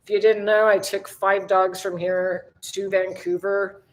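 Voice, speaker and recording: A woman's voice: mid-range voice, flat delivery, unhurried. A woman from the United States hosting a casual livestream, chatting with viewers and answering their comments. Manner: chatty, swears lightly, reads and answers comments. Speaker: livestream host. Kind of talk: casual live chat with viewers. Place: outdoors in bright sun.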